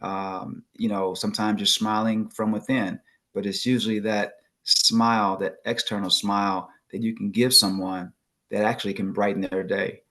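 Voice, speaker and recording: An upbeat man from Chicago speaks in a lowish voice on a video call. He is earnest and motivational, with a few ums between thoughts. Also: flat delivery, normal speed, sharp tone. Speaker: guest speaker. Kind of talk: casual talk, motivational.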